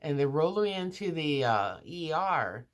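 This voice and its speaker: A woman's voice: sits low, moderate pace. Chatty woman telling a story. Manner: animated, acts out the other people in the story; chatty, with many restarts and asides. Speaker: vlogger. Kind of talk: casual storytime monologue.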